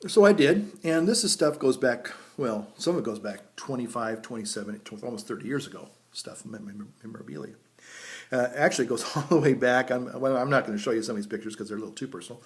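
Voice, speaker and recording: Brief: man in his fifties, a priest who rambles through folksy stories and chuckles at himself, medium-pitched voice, outdoors by a vineyard. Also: fast talker. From United States. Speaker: priest and pipe vlogger. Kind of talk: casual storytelling vlog.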